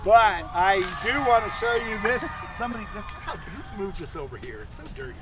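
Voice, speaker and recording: Loud bantering comic man in his fifties. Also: high voice, sing-song, a little fast. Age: 50s. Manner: loud bantering, chuckles at his own jokes. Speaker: street comedy performer. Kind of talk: live crowd-work comedy show. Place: outdoors at a busy renaissance fair. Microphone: handheld camera in the audience. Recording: loud outdoor crowd on a windy day. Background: crowd.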